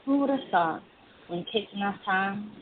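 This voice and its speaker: A woman voicing an aging male prison guard, reciting a poem slowly and solemnly in his voice. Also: medium pitch, expressive, lightly acted. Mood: somber. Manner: slow measured poetry recitation. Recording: tinny phone line, faint hiss.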